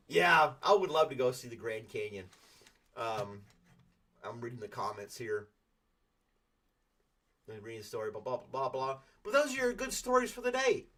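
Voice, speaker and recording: A man's voice: mid-range voice, a bit bright. A man hosting a casual morning podcast, rambling in a folksy, self-deprecating way. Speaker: podcast host.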